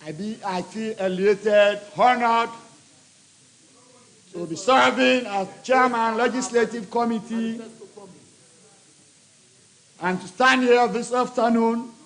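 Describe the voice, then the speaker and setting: Sierra Leonean man as committee chairman, high-pitched, measured formal delivery in a parliament chamber. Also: steady tone, fairly bright tone, rough recording. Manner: formal, deliberate, read in short phrases. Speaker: legislative committee chairman presenting a bill.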